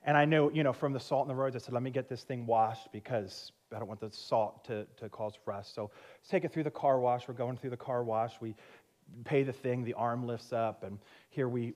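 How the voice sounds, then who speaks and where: A man's voice: mid-range voice, moderate pace, darkish tone. A male pastor, probably in his thirties, preaching a sermon and telling a personal story with frequent laughter and self-mocking humor.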